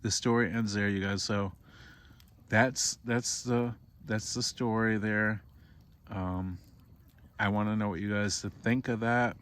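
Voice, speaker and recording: A man's voice: steady tone, takes it slowly, fairly bright tone. A man, a parent, telling a made-up horror story outdoors by a campfire, rambling with many restarts. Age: adult parent. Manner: rambling, repeats and restarts, rises to high cries for the boy's voice.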